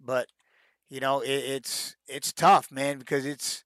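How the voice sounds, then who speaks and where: Middle-aged male retired fighter, mid pitch, dry close sound, rambling casual Q&A delivery. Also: little pitch movement, slow, a bit bright, dry recording. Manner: rambling, with many restarts and "man, you know" fillers. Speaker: retired fighter answering fan questions. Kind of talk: casual live-stream Q&A.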